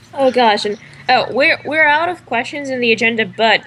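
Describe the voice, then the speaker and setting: A woman's voice: on the high side, unhurried, fairly bright tone, slight background noise. A woman with a light Moscow Russian accent whose first language is Russian, co-hosting a casual fan chat show. She laughs easily and keeps steering the conversation to the next question. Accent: Moscow Russian, softened by years of American English. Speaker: co-host.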